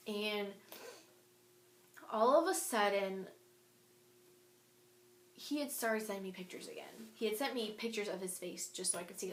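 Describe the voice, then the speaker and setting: A young woman telling a storytime vlog, animated and indignant, reading out old text messages. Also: medium pitch. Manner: animated and indignant, quoting texts aloud. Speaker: vlogger. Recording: echoey room.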